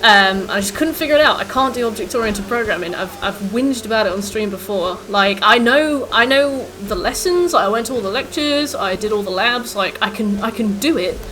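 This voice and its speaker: A young woman streaming a game and chatting with her viewers in a loose, rambling way. Her talk is full of "like" and "um", and her pitch sits in an ordinary middle range. A faint hiss of noise runs behind her voice. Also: lively intonation, moderate pace, hardly any pauses, a bit bright. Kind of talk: casual chat with viewers while gaming.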